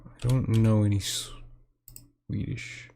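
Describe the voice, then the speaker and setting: A man live-streaming a game, chatting casually, thinking out loud, swearing and repeating himself. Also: on the low side, level tone, very slow, gravelly. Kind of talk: casual live-stream chat while gaming. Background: game music.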